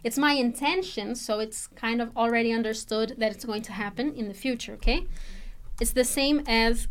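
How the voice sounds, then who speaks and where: A woman's voice: on the high side, moderate pace, a little hiss or hum. A woman teaching English, patiently explaining grammar and often checking in with her students. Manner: patient, explanatory, checks understanding with okay and all right. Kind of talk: online English lesson.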